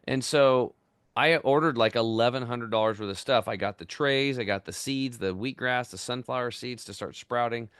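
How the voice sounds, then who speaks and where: A man in his fifties, a podcast guest, telling his story in an energetic, animated way. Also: mid-range voice, normal speed, clean tone, no room sound, clean studio sound. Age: 50s. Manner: energetic, animated, acts out quoted voices. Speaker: podcast guest, health entrepreneur. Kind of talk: casual storytelling interview.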